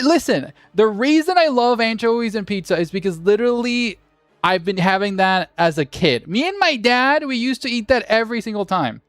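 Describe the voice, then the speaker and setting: A man's voice: high voice, no echo. A man hosting a game tournament on a livestream, chatting casually and joking with viewers, swearing now and then.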